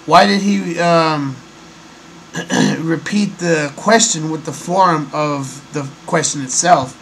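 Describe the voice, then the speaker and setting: Male host, slightly high voice, rambly and halting, faint hum behind. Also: a bit bright, low-quality recording. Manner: rambling, hesitant, many fillers. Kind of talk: casual monologue.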